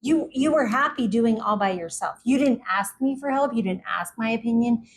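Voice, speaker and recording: Reflective woman, fairly high voice. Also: expressive, normal speed, slight background noise. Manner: reflective and candid, talks things through. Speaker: podcast co-host. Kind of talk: casual couple's conversation.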